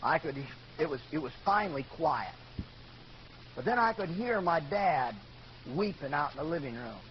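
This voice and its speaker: An older man gives a sermon, recounting his own story in an earnest voice that climbs to loud outbursts. His voice sits notably high for a man. The recording sounds muffled and dull, with a faint hiss underneath. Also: animated, normal speed. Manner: earnest storytelling, rises to shouting when quoting. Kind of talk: sermon testimony.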